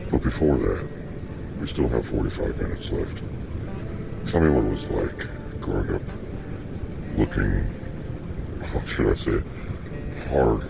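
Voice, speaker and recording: Very deep gravelly male therapist, slow and mocking, muffled sound. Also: very noisy, full character voice. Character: deep-voiced male psychiatrist, slow and condescending.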